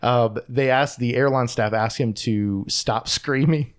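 A man's voice: medium pitch, measured pace. Guy hosting a podcast, mid voice, chatty, laughs a lot while telling a story. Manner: retells a news story, laughs often. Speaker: podcast host. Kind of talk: casual podcast chat.

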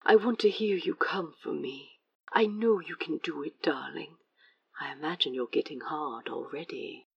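A woman voicing a gentle, affectionate man who speaks softly and coaxingly, at times in a whisper, in a fan audio drama. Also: deep voice, a little slow, vocal fry, breathy edge, no room sound, far from the mic, muffled recording, heavily acted. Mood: seductive. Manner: soft, tender, sometimes whispered.

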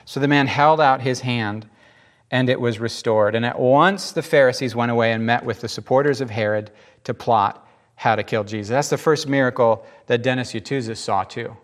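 A man preaching a sermon as pastor, with casual asides and lively storytelling in which he acts out the people he quotes. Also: mid-range voice, normal speed.

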